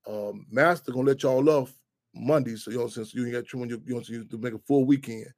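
A man hosting call-in radio talk, animated and profane, rambling with frequent restarts and repeated words. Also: mid-range voice, fast talker. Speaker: radio show host.

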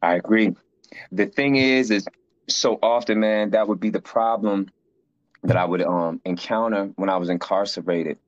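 A man with a low voice tells his stories in a casual talk, full of fillers and animated retellings. The sound is dry and somewhat dull. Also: moderate pace, no echo. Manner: animated storyteller, acts out quoted voices, frequent fillers. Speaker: guest sharing life story. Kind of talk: casual conversation.

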